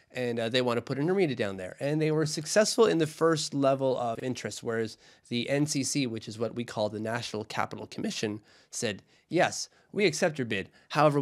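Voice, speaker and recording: Male co-host, mid-range voice, chatty, playful, casual sports chat. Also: mid-range voice. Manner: chatty, jokey, slips into goofy put-on voices. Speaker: podcast co-host.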